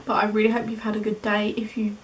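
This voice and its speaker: A woman's voice: medium pitch, fast talker, slight background noise, poor audio. Chatty young British woman vlogging. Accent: British English. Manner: chatty, animated retelling with quoted dialogue. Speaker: beauty vlogger. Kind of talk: casual storytime vlog.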